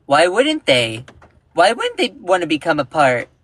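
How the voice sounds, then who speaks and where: A man's voice: fairly high pitch, huge pitch swings, a little slow, fairly bright tone, exaggerated voice. A man briefly mocking a puzzled male politician, incredulous and repeating himself in his own voice.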